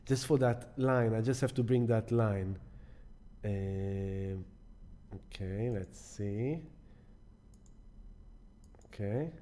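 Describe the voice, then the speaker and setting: A man's voice: on the low side, extremely slow, pauses often, mellow, a little hiss or hum. Effusive man hosting a live stream. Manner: effusive and affectionate, greeting viewers by name; rambling, with many restarts and repeated words. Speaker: astrology live stream host. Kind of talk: casual live stream talk to viewers.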